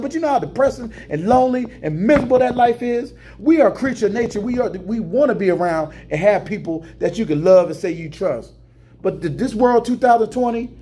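Preachy middle-aged American man, fairly high voice. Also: mellow, breathy edge. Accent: American English. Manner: preachy, swings between low muttering and high emphatic bursts. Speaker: truck driver vlogger. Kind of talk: emotional venting monologue. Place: indoors in a trucking terminal building.

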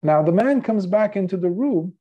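Role: Buddhist monk teacher. Sex: man. Style: earnest, measured dharma talk. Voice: mellow. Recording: dull, lo-fi. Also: high-pitched, animated, husky.

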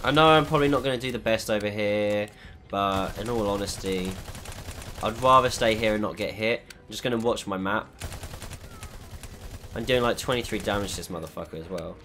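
A man's voice: on the low side, brisk, fairly bright tone, slight background noise. Swearing, frustrated gamer man. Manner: frustrated, heavy swearing, exasperated. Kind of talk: gameplay commentary.

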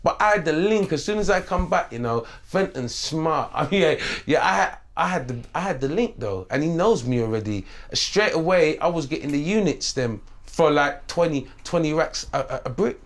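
A middle-aged man from St Vincent a lilt, telling his life story in an interview in a lively, swearing way and acting out the voices he quotes. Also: on the high side, normal speed, few pauses. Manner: animated, streetwise, swearing, acts out quoted voices. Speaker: interview guest.

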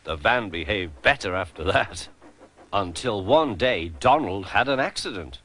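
A man narrating a children's railway story in a measured, expressive way. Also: on the low side.

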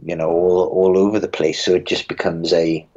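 A British musician guest in a casual interview, telling dry, wry anecdotes with frequent restarts. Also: male voice, sits low, little pitch movement, moderate pace, darkish tone, dull audio. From Britain.

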